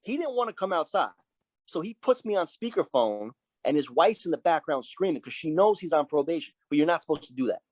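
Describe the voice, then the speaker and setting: A man's voice: a little high, big pitch swings, fairly quick, dry recording. Profane, storytelling biker man. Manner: profane, vivid storyteller who acts out quoted dialogue. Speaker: biker club sergeant at arms, podcast guest. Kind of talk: storytelling in a casual interview.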